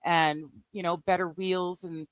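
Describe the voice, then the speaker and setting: A woman co-hosting a casual livestream, laughing easily and giving quick agreeing replies. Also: on the low side, level tone, dry recording. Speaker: livestream co-host. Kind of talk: casual chat.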